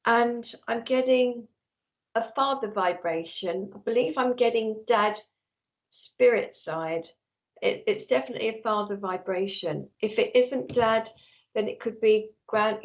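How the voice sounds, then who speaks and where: A woman working as a psychic medium on a live stream, chatty and affectionate, reading messages from viewers. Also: mid-range voice. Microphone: earphones with mic. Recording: slightly dull lo-fi stream audio.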